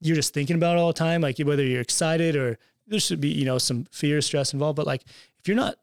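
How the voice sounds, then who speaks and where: Man, gravelly, slightly high voice, casual podcast guest, swears freely, dry close sound. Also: fast, no echo. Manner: laid-back, swears freely, laughs often. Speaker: podcast guest, graphic designer.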